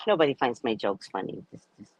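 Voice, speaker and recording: A woman's voice: extremely low pitch, slightly rough. A woman from New York, a psychic tarot reader, chatting sarcastically through a live-stream reading and laughing at her own jokes.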